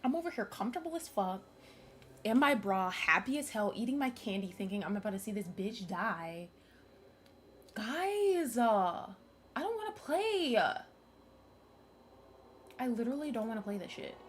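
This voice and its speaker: A young woman streaming a game, talking to her chat, loud, emotional and profane, laughing often. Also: a little high, very animated, normal speed, long pauses, a little hiss or hum.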